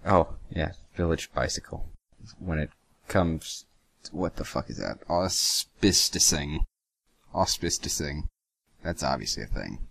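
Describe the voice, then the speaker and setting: A man's voice: a bass voice, lively intonation, unhurried, gravelly, no room sound, clean studio sound. A young man giving casual, sarcastic reaction commentary, swearing freely and stumbling as he reads lines aloud. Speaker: reaction video host.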